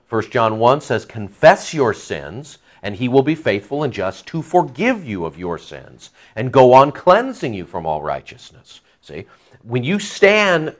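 A man's voice: medium pitch, a bit bright. A man preaching an expository Bible sermon, stressing key words and repeating phrases for emphasis.

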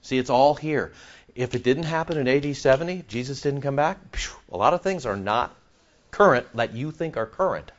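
A man preaching a sermon. He reads scripture aloud, explains it and jokes, swinging from low asides to excited outbursts. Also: normal speed. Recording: dull lo-fi recording.

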